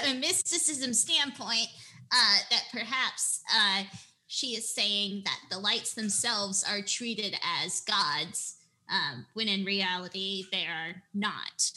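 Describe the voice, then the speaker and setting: A woman's voice: medium pitch, slow pace, pushed and bright. A woman playing a tabletop game, thinking aloud and theorizing with hesitations. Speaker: player.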